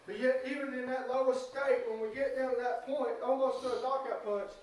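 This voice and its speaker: A man delivers a sermon in a high voice, stumbling and filling pauses with "uh" in folksy, plain speech. He is heard from a distance across a very reverberant church. The sound is roomy and hollow. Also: fairly even intonation. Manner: halting, fills pauses with "uh". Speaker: preacher. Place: church sanctuary. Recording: echoey church from far off.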